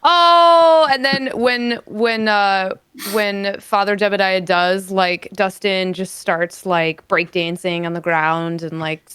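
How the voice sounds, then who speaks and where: A woman playing a tabletop game who tells her moves slowly and giggles between lines. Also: medium pitch, steady tone, fairly bright tone, clear, resonant tone. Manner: slow, giggly storytelling. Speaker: player.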